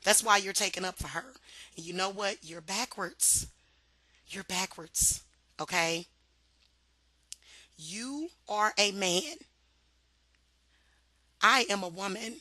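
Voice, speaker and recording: A woman's voice: medium pitch, measured pace, sharp tone, dry recording. A woman on her vlog, venting in a confrontational, profane, sarcastic way and repeating points for emphasis. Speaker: vlogger. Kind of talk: heated ranting vlog.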